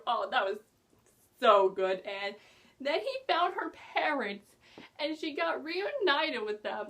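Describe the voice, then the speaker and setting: Young woman gushing about a book, highish voice that bounces all over, giggly and excitable. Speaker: book reviewer. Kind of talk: casual book review vlog.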